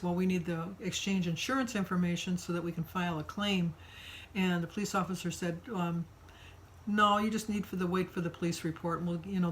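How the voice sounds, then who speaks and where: An older woman recounts her day to the camera in a relaxed, rambling way. Her voice sits a little low. A faint hiss runs under the recording. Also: poor audio. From Michigan. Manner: chatty storytelling with fillers. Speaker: vlogger. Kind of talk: casual daily vlog.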